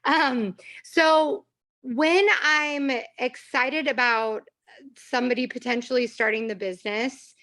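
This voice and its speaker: Bubbly, enthusiastic woman with a high voice. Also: steady tone, slow pace, fairly bright tone. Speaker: caller asking a question. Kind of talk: question on a video call. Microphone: video call.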